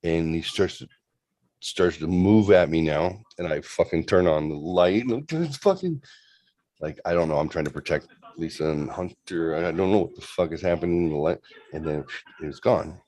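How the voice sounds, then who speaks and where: A man's voice: sits low, normal speed, a little mellow, dry recording. A man in his forties casually telling a long story on a livestream, loose and profane, with lots of rambling asides. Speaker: show host.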